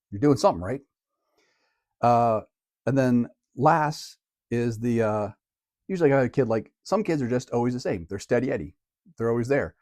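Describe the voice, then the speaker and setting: A male teacher giving advice to camera in a relaxed, conversational way, using plain everyday phrasing. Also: mid-range voice, moderate pace, long pauses, dry recording, clean studio sound. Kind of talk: casual how-to talk to camera.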